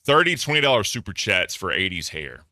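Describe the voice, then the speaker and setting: A man's voice: low voice, sing-song, a little fast, sharp tone, no echo, clean studio sound. A man doing casual reaction commentary, blunt and profane, reading donor messages aloud. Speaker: commentary streamer.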